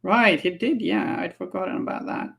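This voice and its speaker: A woman's voice: fairly low pitch, moderate pace, vocal fry, fairly bright tone. A woman painting miniatures on a livestream, chatting casually, laughing often and musing aloud as she works. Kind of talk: casual chat while painting.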